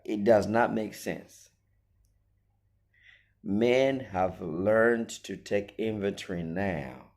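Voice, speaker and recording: Here a commentator voices strong opinions in a monologue full of rhetorical questions, acting out the quotes he cites. His voice is low and a little mellow.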